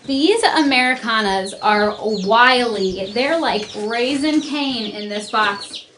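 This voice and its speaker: Young woman chatting to the camera and baby-talking her chicks, slow and singsong, lots of loud noise behind. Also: a little high. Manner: cooing baby talk to chicks. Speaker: homestead vlogger. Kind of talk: casual vlog chat. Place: home, beside a chick brooder.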